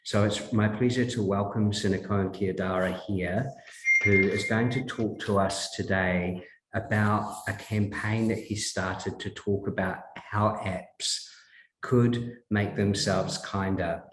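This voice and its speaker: A man opens the session and introduces the guest in a measured presenter's manner. His voice is low and flat in pitch, and a roomy echo hangs around it. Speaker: host introducing the speaker. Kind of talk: event introduction.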